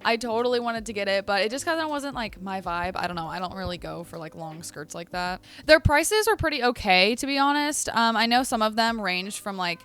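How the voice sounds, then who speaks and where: A young vlogger chats in a bubbly, casual way full of fillers, filming on a handheld camera in her apartment and then on city streets and in shops. Her mid-range voice is expressive, slightly bright and clean, a little fast, with hardly any pauses.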